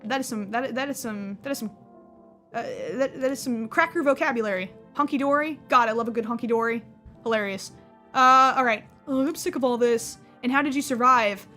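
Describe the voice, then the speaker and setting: A young woman streams a game with casual let's-play commentary, joking and correcting herself as she chats. Her voice is a little high, a little fast, pushed and bright, with soft music in the background.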